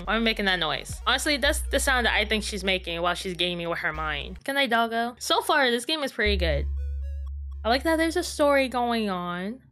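A woman's voice: fairly high pitch, expressive, a little fast, sharp tone, soft background music. A young woman giving jumpy, chatty commentary while playing a horror game, talking to herself and laughing at the scares. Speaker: gaming YouTuber.

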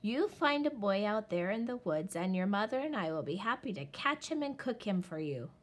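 A woman voicing a weary father wolf who speaks in a sighing, gently stern way. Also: mid-range voice, big pitch swings, moderate pace. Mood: teasing.

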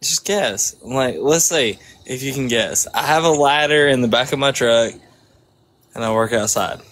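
A man in his thirties from Georgia with a Southern accent, chatting on a speed date in a cocky, teasing, deadpan way. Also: medium pitch, normal speed. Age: 30s. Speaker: prank speed dater. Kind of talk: casual chat.

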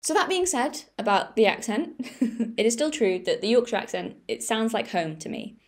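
A woman's voice: a little high, very animated, moderate pace. A young woman from the north of England talking casually as a vlogger, chatty and jokingly defensive. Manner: chatty, jokey and mock-defensive. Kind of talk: casual chat.

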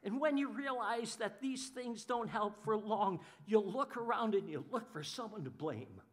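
High-voiced, animated preaching man. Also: measured pace. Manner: animated preaching, voices the crowd in quotes, repeats words. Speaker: pastor. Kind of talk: sermon.

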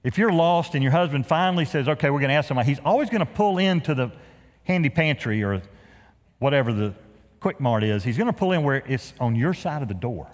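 A middle-aged man preaching a sermon as pastor, folksy and joking, swinging from loud emphasis to hushed, quiet lows. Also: animated, fast. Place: large church sanctuary. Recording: reverberant church hall.

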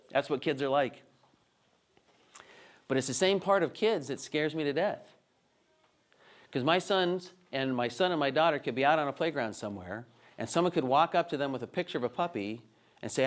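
A man in his thirties giving a humorous teaching talk, telling animated, self-mocking stories about his kids. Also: medium pitch, a little fast. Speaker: speaker.

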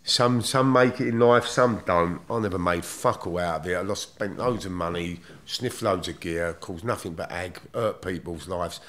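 A middle-aged man with a London accent and a fairly low voice, talking frankly in a relaxed interview. He tells his stories bluntly, with plenty of swearing. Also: moderate pace, few pauses. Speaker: guest. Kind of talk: candid casual interview.

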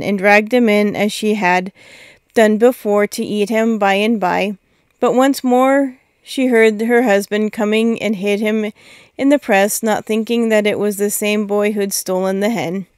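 A woman narrating a fairy tale, reading in a measured, steady way. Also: mid-range voice, clean tone, no room sound, clean studio sound. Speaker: storyteller. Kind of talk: storybook narration.

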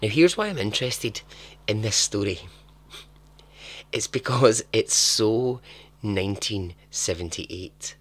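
A man's voice: on the low side, expressive, slow pace, long pauses. A man hosting a storytelling podcast, narrating in a chatty, dramatic way with joking asides. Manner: chatty, dramatic, laughs at his own asides. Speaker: podcast host.

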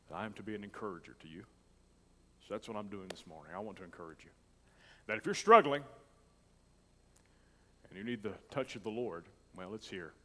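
A man pastor preaching a sermon with great emotion, moving between loud declarations and soft, near-whispered lines. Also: fairly low pitch, long reverb tail.

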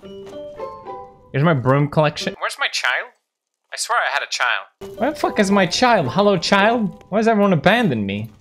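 A man in his thirties, a gaming streamer, giving goofy, jokey casual commentary while he plays and breaking into loud yelps. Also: high-pitched, sing-song, moderate pace, pauses often. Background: background music.

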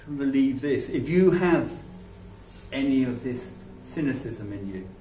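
Male pastor, halting reflective sermon, distant echoey church recording with faint noise. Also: medium pitch, expressive, warm tone. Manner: reflective, halting, with many restarts. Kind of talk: sermon with closing prayer. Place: church hall.

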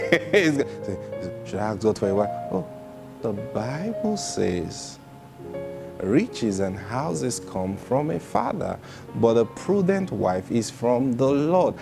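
A man preaching a sermon with lively energy. He laughs often, repeats "Praise God" and acts out voices in his stories. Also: medium pitch, slow, creaky, over music.

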